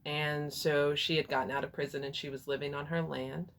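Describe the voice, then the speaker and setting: A woman's voice: sits low, little pitch movement, brisk, slight background noise. A woman from Texas with a Texas accent, telling a personal story in a frank, candid way with some hesitations. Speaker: vlogger and life coach.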